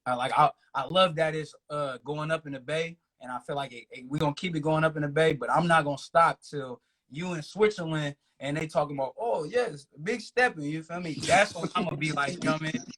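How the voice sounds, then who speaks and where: A man's voice: fairly high pitch, steady tone, fast, hardly any pauses, fairly bright tone. A laid-back man, a rapper guest chatting casually in an interview, laughing often and talking in loose run-on thoughts.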